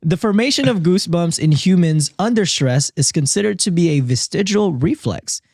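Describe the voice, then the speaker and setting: A man with a fairly high voice that rises and falls a lot hosts a casual podcast. He reads facts out and then jokes about them. The sound is close and dry. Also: animated, normal speed, darkish tone, no echo. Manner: joking, reads quotes then riffs on them. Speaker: podcast host. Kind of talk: casual podcast chat, reading facts aloud.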